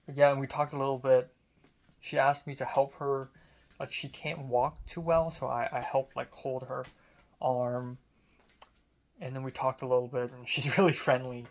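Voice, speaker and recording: A man's voice: mid-range voice, flat delivery, fairly quick. A young man from Hong Kong telling a story in a casual, rambling way, with self-mocking asides and casual swearing.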